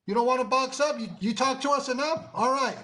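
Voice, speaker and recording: A man's voice: very high-pitched, a little fast, a bit bright. A man with a Mexican-American accent hosting a livestream, scolding and calling out viewers in an insistent way, often repeating himself. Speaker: livestream host. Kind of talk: confrontational livestream talk.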